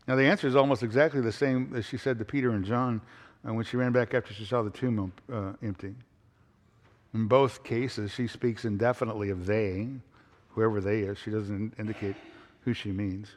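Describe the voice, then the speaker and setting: A man's voice: lowish voice, fairly even intonation, fairly quick. A pastor preaching an expository sermon in a conversational way, often using fillers and restarting his sentences. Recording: hall reverb.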